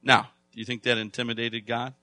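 Male pastor, bright forceful voice, dry close sound, conversational with emphatic swells. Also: mid-range voice, completely flat delivery, a little fast, no room sound. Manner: conversational preaching, rising to loud emphatic bursts. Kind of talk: sermon.

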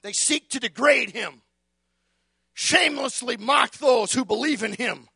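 Male preacher, very high, piercing, hollering a fiery sermon in long emphatic litanies, dry close sound. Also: unhurried, gravelly, breathy edge, no echo. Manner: shouting, emphatic, building litanies; repeats words when starting a phrase.

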